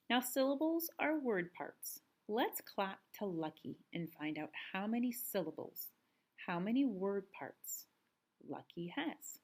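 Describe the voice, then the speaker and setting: Slow, sing-song woman teacher. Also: on the low side. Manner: slow, sing-song, drawn-out words for children. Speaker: first grade teacher. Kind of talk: remote reading lesson for young children. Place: home room, recording a video lesson.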